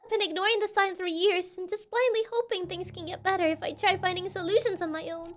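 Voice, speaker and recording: Girl doing a worried young client voice, high and pleading, reads her game lines all shaky. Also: fairly even intonation, fast, a bit bright. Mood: distressed. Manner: pleading, distressed. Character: anxious young woman client, worried about a curse. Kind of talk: reading game dialogue aloud.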